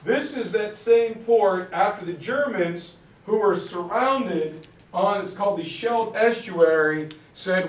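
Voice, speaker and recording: A high-voiced man lectures on history with an animated storyteller's energy. His voice sounds roomy and a little distant from the mic. He slips in quick character voices for the people in his story. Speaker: history teacher. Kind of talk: lecture with acted-out quotes. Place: classroom.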